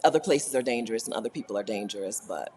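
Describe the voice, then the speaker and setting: An American woman chatting casually on a livestream vlog, animated and laughing, often tagging her points with "right?". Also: rumbling low, fast, slightly rough, big-room sound. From United States. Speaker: vlogger.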